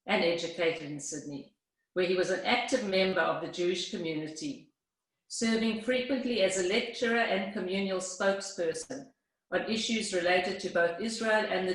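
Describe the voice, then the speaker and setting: A woman's voice: fairly low pitch, moderate pace. A woman hosting an event, reading a formal scripted introduction of the guest speaker. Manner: formal, read-aloud delivery. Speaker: event host. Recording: heavy room echo.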